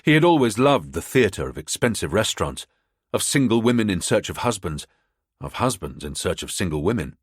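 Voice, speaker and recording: A man narrating a spy thriller audiobook in a measured storytelling manner, close to the mic. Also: fairly low pitch, very animated, dry recording. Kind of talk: scripted narration.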